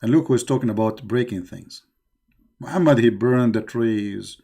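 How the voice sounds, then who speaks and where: Gravelly dark-voiced man host. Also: medium pitch, moderate pace. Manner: plain speech with many fillers and repetitions. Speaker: host of a call-in show. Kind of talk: casual closing talk to listeners on faith.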